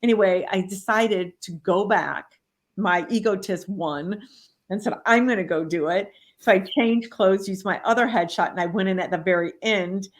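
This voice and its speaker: Animated woman life coach telling stories. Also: moderate pace. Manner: animated, acts out quoted voices with big pitch jumps; many fillers like "you know". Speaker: life coach and author, podcast guest. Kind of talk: casual interview storytelling.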